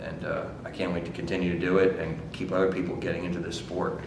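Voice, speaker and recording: Very deep-voiced man telling racing stories. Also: little pitch movement, fast, gravelly, noisy background. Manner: rambling, laughing, lots of "like". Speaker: motorcycle racer. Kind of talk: casual storytelling interview.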